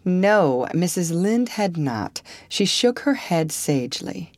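A woman narrating a storybook in a measured, expressive way. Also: lowish voice, no room sound. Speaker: audiobook narrator. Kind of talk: scripted narration.

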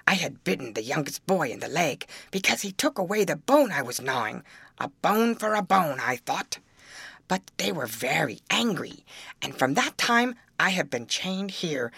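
A woman voicing a hoarse old male yard dog who grumbles on like a wise old-timer in a storybook, with a low, barking voice. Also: a bit bright, no echo, full character voice.

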